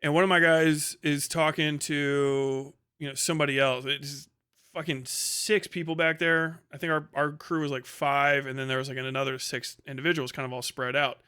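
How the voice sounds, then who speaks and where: A man's voice: a little high, little pitch movement, moderate pace, bright, forceful tone, clear, resonant tone. A male livestream host telling a rambling, profane story in a casual way, with lots of filler words.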